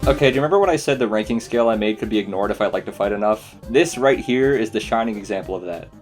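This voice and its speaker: A man's voice: fairly low pitch, rapid-fire, music in the background. A man narrating a casual game review voice-over, enthusiastic and swearing freely. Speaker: video essay host.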